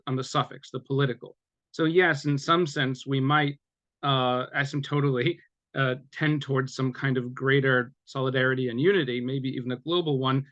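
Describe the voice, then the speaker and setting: A man's voice: medium pitch, fairly bright tone, no room sound, highs cut off. A man discussing his book in an academic conversation, thoughtful and hesitant with many fillers and restarts.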